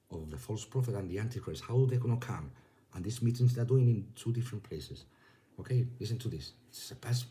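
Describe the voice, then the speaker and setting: A man's voice: deep voice, mellow. A man giving casual religious commentary to camera. He talks conversationally, reads news lines and scripture aloud, and keeps checking in with the listener.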